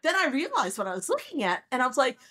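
A woman in her sixties, a planetary astronomer telling stories in a conversational interview, animated and acting out her excited reactions. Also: high-pitched, fast talker, breathy edge. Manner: animated storyteller who acts out her own excited reactions.

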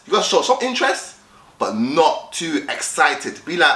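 A man's voice: a little high, very animated, moderate pace, sharp tone, reverberant. A young man giving dating tips in a casual vlog, talking directly and acting out both sides of conversations. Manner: direct, repetitive, acts out both sides of chats.

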